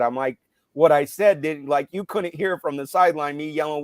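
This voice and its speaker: A man in casual chat telling a coaching story, acting out what he yelled on the sideline. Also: a little high, normal speed. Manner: animated storyteller, yells out quoted lines. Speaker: youth football coach.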